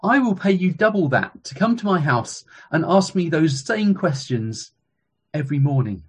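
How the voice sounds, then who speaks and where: A man voicing a gentle wandering rabbi who answers calmly with a smile, in a story told in a sermon. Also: a little high, normal speed, husky. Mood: amused. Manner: calm, smiling.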